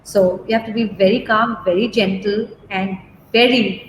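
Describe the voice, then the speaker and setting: A woman's voice: mid-range voice, steady tone, normal speed. Chatty woman groomer. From India. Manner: chatty, reassuring, many fillers and "okay?" checks. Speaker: dog groomer. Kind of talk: live demo and Q&A. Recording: roomy echo, faint background noise.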